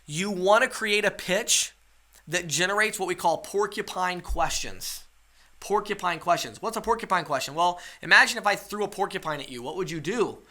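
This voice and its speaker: A man's voice: high-pitched, animated, normal speed, pushed and bright. A man teaching a webinar sales lesson, coaching his listeners and checking in with rhetorical questions. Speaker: sales trainer.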